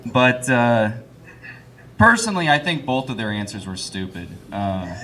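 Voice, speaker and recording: A man's voice: mid-range voice, animated, a little slow, pushed and bright. A young man doing live stand-up, rambling and self-deprecating and laughing at his own jokes. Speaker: stand-up comedian.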